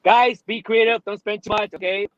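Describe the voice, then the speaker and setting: Bright, excitable male co-host. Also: sits high, moderate pace, dry recording, highs cut off. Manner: excitable, repeats "you know" and "I love it". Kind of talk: casual livestream chat. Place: in his car.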